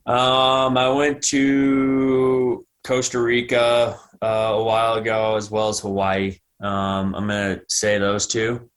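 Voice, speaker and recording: A man's voice: mid-range voice, completely flat delivery, slow pace, smooth. An American man in his thirties, a guest athlete giving thoughtful answers in a casual podcast interview. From United States.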